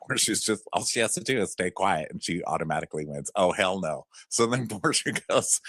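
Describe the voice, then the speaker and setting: Guy gossiping about a reality show, super lively voice going all over, dry close sound. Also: deep voice, quick pace, hardly any pauses, dry recording. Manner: animated, acts out quotes in shrieks, laughs often. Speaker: podcast co-host. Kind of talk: casual recap chat.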